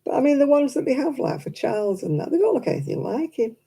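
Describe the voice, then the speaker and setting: A woman's voice: sits high, big pitch swings, quick pace, gravelly, mellow, slightly rough. A woman chatting casually to her live stream audience, rambling and self-deprecating.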